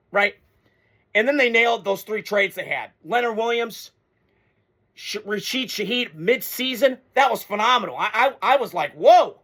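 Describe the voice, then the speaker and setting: A man giving a casual, excitable football monologue, rambling with profanity and sudden bursts of hype. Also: high voice. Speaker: sports commentator. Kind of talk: casual sports talk monologue.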